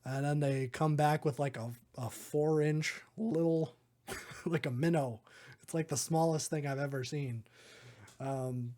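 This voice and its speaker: A man's voice: on the high side, fairly even intonation, unhurried, a little mellow. A man hosting a podcast, casually recapping a movie in a rambling way, chuckling often and filling his talk with "like". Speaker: podcast host.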